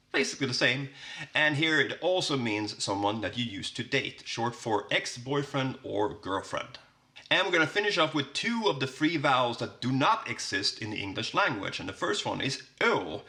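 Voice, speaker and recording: A man's voice: mid-range voice, bright, forceful tone. A young man from southern Sweden with a Swedish accent, playfully explaining words in a casual language lesson. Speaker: language teacher.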